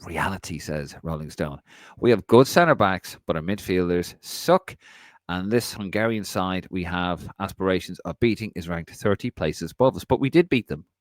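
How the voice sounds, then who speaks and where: A man's voice: deep voice, normal speed, dry recording, clean studio sound. A man hosting a podcast, chatting casually and laughing as he reads out viewer comments. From Ireland.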